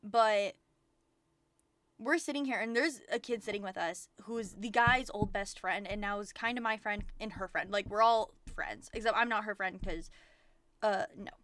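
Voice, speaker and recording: A woman's voice: mid-range voice, moderate pace, fairly bright tone, a little hiss or hum. A young woman streaming from home, venting and rambling with lots of profanity in casual chat.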